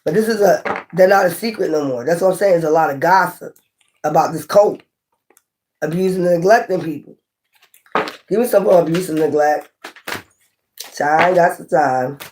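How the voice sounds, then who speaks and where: A woman's voice: fairly low pitch, moderate pace, long pauses, darkish tone, a little hiss or hum. A woman giving a casual tarot reading to camera, blunt and profane, talking with passion, repeating points and asking her viewers questions. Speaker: tarot reader.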